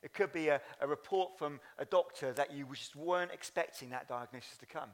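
Church leader guy giving a sermon, chatty, talks right to the room, voice a bit on the high side. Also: fairly quick. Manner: chatty, addresses congregation directly. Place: church Sunday service.

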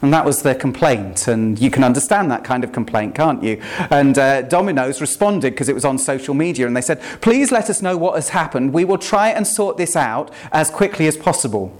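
A man's voice: medium pitch, animated, a little fast. A man preaching a sermon, talking conversationally and asking the congregation rhetorical questions. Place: church.

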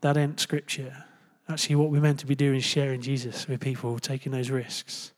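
A young man preaching a relaxed, conversational sermon, chatty and joking, with lots of fillers and quick self-corrections. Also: medium pitch. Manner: animated, jumps into loud playful asides.

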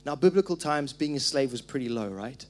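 A man pastor preaching a sermon in a church, energetic and animated, telling stories with joking asides. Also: medium pitch, brisk, soft background music. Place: church hall.

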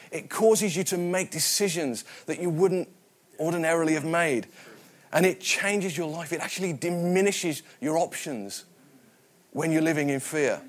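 A man from the West Midlands preaching a sermon, telling personal stories in a conversational way and often repeating his words. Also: high voice. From West Midlands, England. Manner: conversational and anecdotal, with frequent repetitions.

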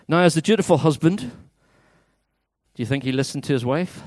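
Male pastor, interactive sermon, playful and coaxing; higher voice, dry close recording. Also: lively intonation, normal speed, pauses often, darkish tone, dry recording. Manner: playful, coaxing the congregation to act along. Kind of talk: interactive sermon with acted-out scripture. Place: church hall.

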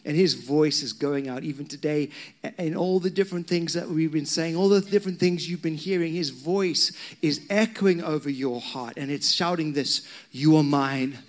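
Man preaching a lively story-driven sermon. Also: on the high side, normal speed. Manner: animated storytelling, conversational asides to the crowd. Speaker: pastor.

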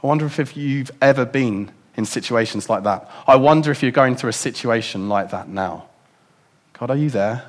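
A man preaching a sermon in a reflective way, asking his congregation many rhetorical questions and dropping softer for emphasis. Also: mid-range voice, fairly quick, few pauses.

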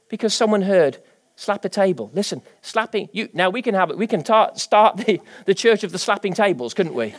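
A middle-aged man preaching a sermon as pastor, animated and rising to emphatic declarations. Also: sits high, brisk.

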